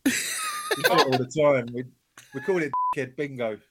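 Relaxed man, podcast co-host. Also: fairly high pitch, normal speed, heavy background noise. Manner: relaxed storyteller with frequent laughs. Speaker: co-host, mural company boss. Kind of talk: casual podcast chat.

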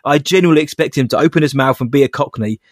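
A man co-hosting a casual podcast chat, talking in a rambling, animated way with many restarts. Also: fairly high pitch, very fast, no room sound, clean studio sound. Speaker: podcast co-host.

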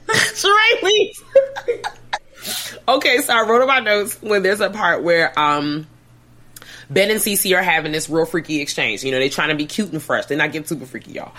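A woman co-hosting a podcast, animatedly recapping a film plot in casual chat. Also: fairly quick. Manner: animated recapping, swoops into high put-on voices and hums. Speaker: podcast co-host.

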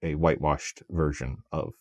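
A man co-hosting a podcast in casual chat, animated, with plenty of fillers and restarts. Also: very deep voice, normal speed, dry recording. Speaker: podcast co-host.

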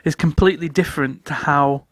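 Guy cohosting a podcast, kinda high voice, chatty storyteller, laughs a lot, dry sound. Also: fairly quick, no room sound. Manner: animated storytelling, laughs often. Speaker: podcast co-host. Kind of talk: casual chat.

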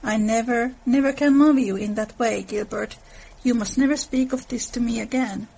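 A woman reading aloud the lines of a flustered young woman turning down a proposal, in her husky voice. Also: on the high side, fairly even intonation, normal speed, mellow, poor audio. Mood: distressed. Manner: read aloud from a novel.

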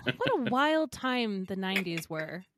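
A woman's voice: mid-range voice, a little slow, noisy background. A young woman co-hosting a podcast, giggling often and acting out quotes as she talks. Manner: giggly, animated, quotes people. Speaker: podcast co-host. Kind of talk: casual film chat.

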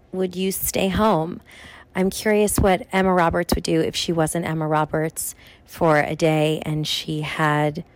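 A woman's voice: low voice, darkish tone, dry recording. A woman recording an affectionate, gushing video message with a question for a friend. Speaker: guest sending a recorded question.

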